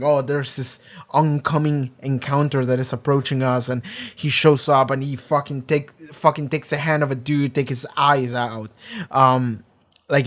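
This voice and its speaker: A man hosting a TV reaction video, chatting casually and profanely, often acting out scenes in goofy voices. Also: medium pitch.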